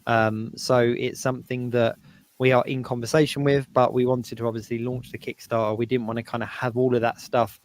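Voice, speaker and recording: Southern English host, chatty and hesitant with plenty of ums. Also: male voice, medium pitch, level tone, a little fast. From southern England. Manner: casual, hesitant, many fillers. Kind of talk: live stream chat.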